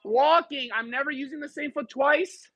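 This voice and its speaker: A man's voice: very high-pitched, normal speed, sharp tone, no echo, lo-fi sound. A man teaching a live dance class, counting steps aloud and switching between English and Spanish while joking with students. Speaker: dance instructor. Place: dance studio.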